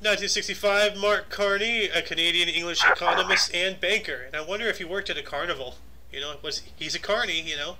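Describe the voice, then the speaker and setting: A man's voice: high-pitched, heavy background noise. A man co-hosting a casual chat show, reading out a list of birthdays and joking about the names. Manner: jokey, reads lists quickly. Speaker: podcast co-host reading dates.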